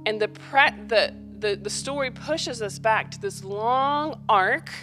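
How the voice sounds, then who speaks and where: A woman's voice: fairly high pitch, takes it slowly, over music. Emphatic woman pastor preaching. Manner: emphatic, repeats phrases for effect; conversational, with parenting asides. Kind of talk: sermon.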